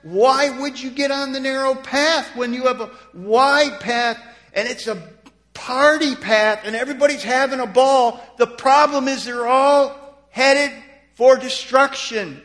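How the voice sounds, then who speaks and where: A male pastor preaching a sermon, swinging from quiet, low passages to loud, emphatic declarations. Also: measured pace. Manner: emphatic preaching, voice dropping soft then rising loud. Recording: long hall reverb.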